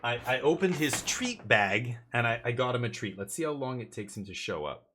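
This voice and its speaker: A man's voice: medium pitch, lively intonation, normal speed, bright, forceful tone, slight background noise. A man chatting casually as he streams a card game, rambling with jokey asides. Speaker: live streamer. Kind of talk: casual gameplay commentary.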